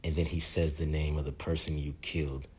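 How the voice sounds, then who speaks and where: A man with a very deep, husky voice talks through a casual vlog monologue. He tells a story in an animated, dramatic way and swears freely. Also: fairly quick. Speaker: vlogger.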